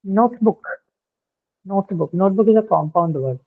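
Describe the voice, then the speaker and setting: Her mid-range voice is animated, though it comes through a thin, phone-like call line. Teaching phonetics online, she walks through pronunciation examples with plenty of fillers and frequently asks if the class is keeping up.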